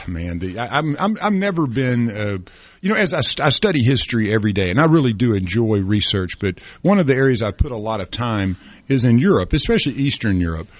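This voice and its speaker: A man talks sports on a morning radio show in a folksy, rambling way. His voice is a little husky and swings up and down a lot in pitch, and the studio sound is dry and close. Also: big pitch swings, brisk, no echo. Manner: chatty and folksy, with many fillers and restarts. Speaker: radio co-host. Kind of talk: casual sports chat on talk radio.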